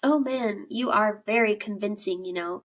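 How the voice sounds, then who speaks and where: A woman's voice: mid-range voice, lightly acted. A woman doing a jovial man with a put-on Slavic-style voice. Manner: jovial, halting phrasing. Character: friendly middle-aged male neighbor with a Slavic-sounding accent.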